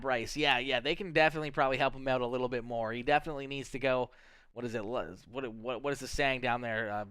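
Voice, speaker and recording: Young Canadian man, race broadcast host, upbeat and chatty, smooth clear voice. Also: medium pitch, fairly even intonation, fast, fairly bright tone, no echo. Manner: upbeat, chatty, lots of fillers. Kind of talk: sim racing commentary and interviews.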